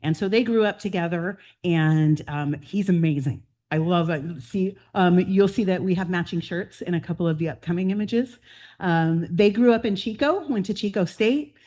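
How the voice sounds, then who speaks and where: A woman in her fifties, president-elect of a club, talking casually and warmly through family photos at a meeting, with frequent "um"s. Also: fairly low pitch, moderate pace. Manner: chatty and heartfelt, with fillers and laughs. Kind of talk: personal slideshow talk to a club meeting. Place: meeting room.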